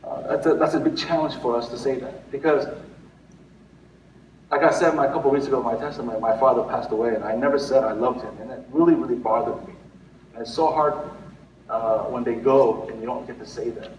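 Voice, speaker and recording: A man's voice: medium pitch, steady tone, fairly quick, highs cut off, a little hiss or hum. A man in his forties, a pastor, gives a conversational sermon full of restarts and fillers, sometimes tearing up. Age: 40s. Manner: conversational, many restarts and fillers, laughs at himself. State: tearful. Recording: echoey room, mic at a distance.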